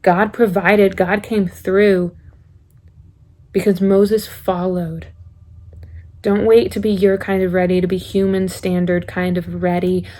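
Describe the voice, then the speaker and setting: A woman's voice: mid-range voice, level tone, takes it slowly, a little mellow. A young woman giving a casual sermon, talking conversationally and acting out quoted excuses. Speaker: youth speaker.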